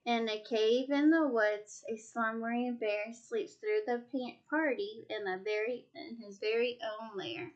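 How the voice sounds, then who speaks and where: Woman storyteller, rhyming read-aloud, slow and higher-pitched. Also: steady tone, highs cut off. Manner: slow, rhythmic, rhyming delivery. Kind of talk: reading a picture book aloud.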